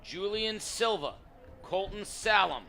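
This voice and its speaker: A man's voice: high-pitched, expressive, slow, gravelly, sharp tone, slight background noise. A man calling play-by-play at an outdoor track meet, reading out the entrants and leaders. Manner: reads names and calls the race plainly. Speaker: play-by-play announcer. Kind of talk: live sports commentary.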